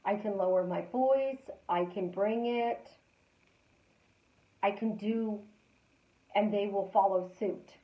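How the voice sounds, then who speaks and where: A woman hosting a live stream as a life coach, talking casually and repeating calm affirmations in a chatty, storytelling way. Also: mid-range voice, slow pace, long pauses, reverberant, dull audio.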